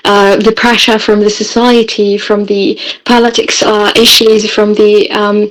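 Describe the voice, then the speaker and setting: Woman in a group talk, super even flat voice, polite, keeps hunting for words. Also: medium pitch, unhurried, poor audio. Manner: polite, careful, searches for words. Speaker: workshop participant. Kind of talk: formal group discussion.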